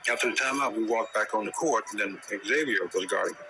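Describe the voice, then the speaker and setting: A basketball coach recounting a game in a matter-of-fact way during an interview. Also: male voice, on the low side, fast talker, background noise. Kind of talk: documentary interview storytelling. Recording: music underneath.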